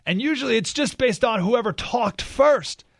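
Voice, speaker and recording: Animated male radio talk host. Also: extremely high pitch, moderate pace, gravelly, no room sound, clean studio sound. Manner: animated and emphatic, explaining with rhetorical questions. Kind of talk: opinionated radio monologue. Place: radio studio.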